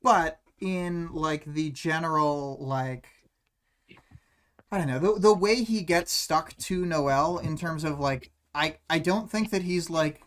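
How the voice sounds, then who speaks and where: Young co-host, halting and rambling, mid-range voice, relaxed chat. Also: medium pitch. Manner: hesitant, rambling, heavy use of "like". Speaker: podcast co-host. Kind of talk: casual discussion of a web serial.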